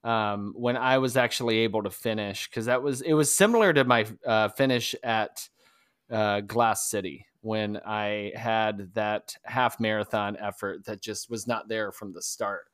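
A man co-hosting a podcast, telling a story in casual chat, rambling and halting with many fillers and restarts. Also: lowish voice, steady tone, fairly bright tone, clean tone, no echo, studio quality. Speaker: podcast co-host.

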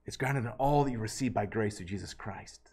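A man's voice: fairly low pitch, brisk, a little mellow, breathy edge. A man preaching an expository sermon, earnest and emphatic, often restarting and repeating words.

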